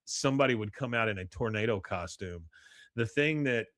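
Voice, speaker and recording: With clean studio audio and no echo, this man's low-leaning voice moves at a normal speed as he hosts his podcast. He recaps a cartoon episode one scene at a time, lively and laughing as he quotes lines from it.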